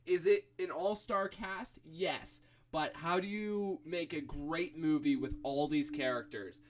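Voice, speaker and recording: A young man co-hosting a casual podcast chat, animated and thinking aloud with fillers as he goes. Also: on the high side, unhurried, slight background noise. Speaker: podcast co-host.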